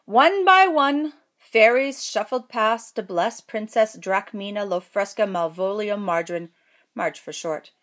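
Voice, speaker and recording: A woman's voice: mid-range voice, fairly even intonation, measured pace. A woman reading a comic fairy tale aloud, playful with jokey asides. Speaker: storyteller. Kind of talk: playful storybook read-aloud.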